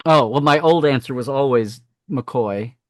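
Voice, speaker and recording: A man guest on a podcast, telling lively stories and often breaking off to restart his sentences. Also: mid-range voice, measured pace, no room sound, studio quality. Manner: animated storyteller who breaks off and restarts sentences. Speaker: podcast guest, franchise historian. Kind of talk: casual podcast conversation.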